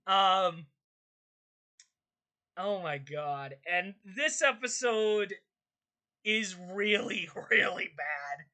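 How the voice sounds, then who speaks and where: A young woman hosting her channel, ranting in casual commentary, exasperated and swearing, her voice jumping high in outbursts. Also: animated, very slow, long pauses, pushed and bright. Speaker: channel host.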